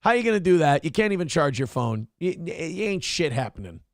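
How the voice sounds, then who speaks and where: A man's voice: on the high side, sing-song, a little fast, no echo, studio quality. A man hosting a morning show, giving crude, sarcastic commentary on a viral video. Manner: sarcastic, crude, mocking impressions. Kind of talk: mocking commentary on a viral clip.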